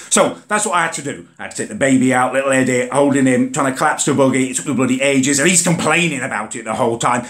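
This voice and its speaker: A man's voice: mid-range voice, fairly bright tone. A young man telling an indignant rant to camera for his vlog, swearing casually. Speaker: vlogger. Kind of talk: ranting vlog storytelling.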